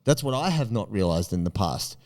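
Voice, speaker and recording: A man's voice: sing-song, a little fast, darkish tone. Emphatic man hosting a podcast. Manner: emphatic, swings pitch up high for punchy rhetorical questions. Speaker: podcast host. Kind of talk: animated podcast monologue.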